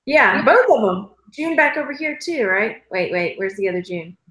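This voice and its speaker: A woman co-hosting a casual chat, talkative and quick to poke fun at herself. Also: mid-range voice, expressive, fairly bright tone, roomy sound, poor audio. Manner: chatty, self-deprecating. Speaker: podcast co-host.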